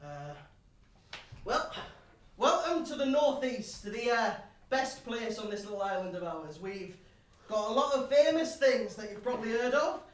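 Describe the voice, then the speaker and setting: A man's voice: very high voice, very animated, normal speed. A young man with a Geordie accent acting a brash, crude pub regular in a one-man live stage show, rambling and swearing as he banters cheekily with the audience. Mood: cheeky. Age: young adult. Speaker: stage actor. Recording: roomy stage sound from far off with audience. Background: audience laughing.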